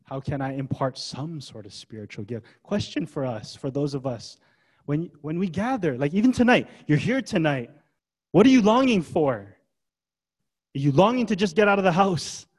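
A man's voice: fairly high pitch, expressive, moderate pace, darkish tone, breathy edge. A man preaching a sermon as pastor, in a casual, conversational way full of rhetorical questions. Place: church gathering.

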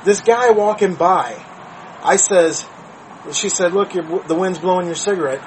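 A man in his thirties, a podcast co-host, telling a story in casual chat, profane and animated. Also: high voice, normal speed, a little hiss or hum, rough recording.

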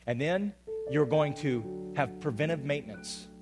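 A man preaching a sermon as pastor to a congregation, swinging between loud urgent calls and quiet, intimate asides. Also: fairly high pitch, unhurried, over loud music. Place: church hall with an audience.

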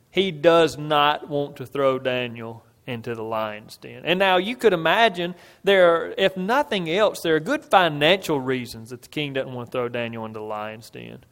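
A man with a somewhat raised voice preaches an expository sermon, telling the story earnestly and building emphasis point by point. He checks in with listeners with a quick "right?" His voice rings with the long reverb of a large sanctuary. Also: fairly high pitch, a bit bright.

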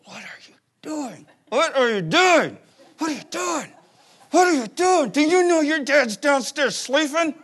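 A man's voice: fairly high pitch, fairly quick, hardly any pauses, breathy edge, voice pushed down. A man voicing an exasperated mother who scolds her rowdy boys through gritted teeth. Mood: scolding.

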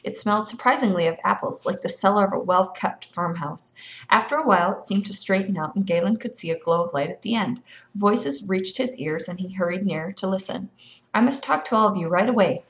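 A woman reading a children's novel aloud in a steady storytelling manner. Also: mid-range voice, brisk. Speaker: reader.

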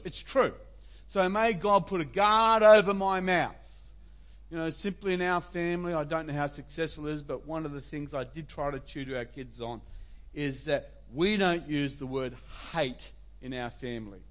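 A man's voice: on the high side, normal speed, fairly bright tone. A man preaching a sermon as pastor, conversational and emphatic.

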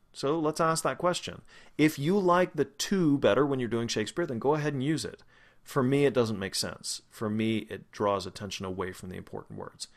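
A man who is a vocal coach, giving a pronunciation lesson and slowly demonstrating single sounds and words. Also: medium pitch, a bit bright. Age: adult, past grad school.

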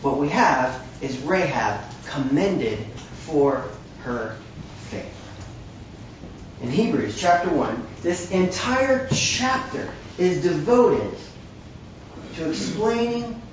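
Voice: medium pitch, very animated, slow, slight background noise. Preacher, emphatic sermon, wry asides, heavy echo, dull lo-fi sound. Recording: very echoey, distant from the mic, dull.

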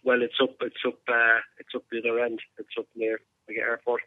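A man's voice: mid-range voice, monotone, brisk. A man answering a phone call, guarded and asking short questions. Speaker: phone contact. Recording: tinny phone line.

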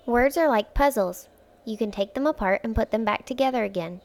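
A woman's voice: fairly high pitch, a little fast, loud music behind the voice. Patient woman teaching syllables to children. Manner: patient and encouraging, stretches words out syllable by syllable. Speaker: teacher hosting a phonics lesson. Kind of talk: slow, clear instructional speech for young children.

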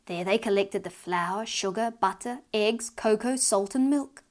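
A woman reading her own storybook aloud with gentle, expressive storytelling. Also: medium pitch, a little slow. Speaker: author and narrator.

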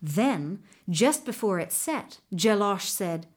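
A woman telling a folktale aloud in a measured, expressive way. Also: mid-range voice. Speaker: storyteller.

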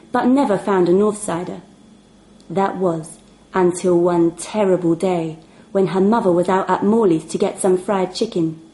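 A young woman reads a bedtime-style story. Her telling is playful and expressive, at a middle pitch. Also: poor audio. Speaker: narrator. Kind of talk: storybook reading.

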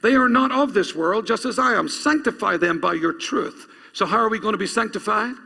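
High gravelly preacher in a reverberant hall. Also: male voice, a little fast, bright, forceful tone. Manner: preaching, urging congregation to repeat after him. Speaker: pastor. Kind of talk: sermon. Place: church. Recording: long reverb of a church hall.

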